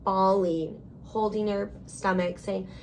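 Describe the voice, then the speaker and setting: A young woman chatting casually on a podcast, telling a story with animated quoted lines. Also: medium pitch, takes it slowly, a little hiss or hum. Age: young adult. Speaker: podcast co-host, sister. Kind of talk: casual chat.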